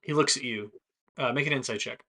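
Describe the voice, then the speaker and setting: Bright-voiced male game master. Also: medium pitch, brisk. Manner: relaxed, loose narration with fillers. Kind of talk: narrating a tabletop game stream.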